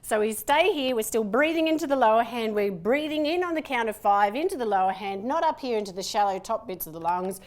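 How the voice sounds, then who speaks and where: A slightly high-voiced woman running a group voice workshop. She is lively and playful, and she counts breaths slowly while cueing every step of the exercise. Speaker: voice workshop presenter. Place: room with a participating group.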